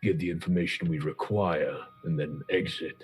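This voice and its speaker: Player, male, very low husky voice, formal and measured. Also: fairly even intonation, faint music behind. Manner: measured, formal in-character speech. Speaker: tabletop player. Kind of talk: in-character tabletop play.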